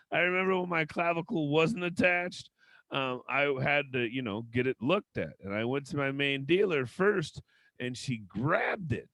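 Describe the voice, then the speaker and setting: A brash man in his thirties hosts a stand-up show in a high, gravelly voice that often breaks into shouting. His tone is bright and sharp, and the sound is dry and close. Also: no room sound. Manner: loud, brash, swearing storytelling. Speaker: comedy show host. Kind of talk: stand-up comedy hosting.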